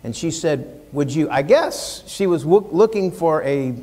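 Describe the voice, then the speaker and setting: Man, American pastor, sermon, earnest and folksy, slightly high voice, long church reverb. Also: lively intonation, a little mellow. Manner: earnest, folksy, with emphatic rises and slow drawn-out lines. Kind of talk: sermon with a read-aloud poem. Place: church sanctuary, speaking from the pulpit.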